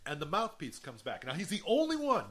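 Animated bright-voiced man telling a story. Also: high-pitched, a little fast. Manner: animated, profane, laughs often, acts out voices. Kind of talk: casual storytelling chat.

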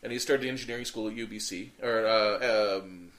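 A man's voice: on the low side, fairly even intonation, normal speed, a bit bright, a little hiss or hum. A man telling a long, rambling story in casual chat, full of fillers, restarts and swearing.

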